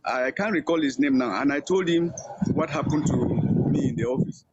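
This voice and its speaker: An older man with a Nigerian accent, an interview guest telling long stories and acting out the voices of people he quotes. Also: normal speed. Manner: animated storyteller, acting out quoted voices with higher pitch. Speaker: interview guest, veteran journalist. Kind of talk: storytelling interview. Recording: dull, muffled sound.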